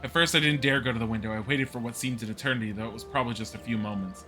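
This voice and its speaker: A man's voice: mid-range voice, very fast, over music, lightly acted. Man reading as a shaken townswoman witness. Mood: distressed. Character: upset middle-aged townswoman witness. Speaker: streamer.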